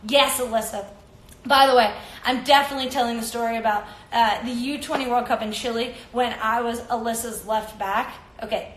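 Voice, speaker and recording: High-voiced energetic woman hosting a livestream. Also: echoey room, a little hiss or hum. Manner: energetic, animated, talks fast. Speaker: host of an Instagram Live soccer show. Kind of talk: casual chat and game recap.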